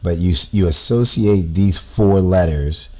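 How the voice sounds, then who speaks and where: Slow, deep-voiced man explaining a puzzle. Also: mellow. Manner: thinks aloud, often checks in with "right?". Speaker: amateur code-breaker. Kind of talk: explaining on a shared screen.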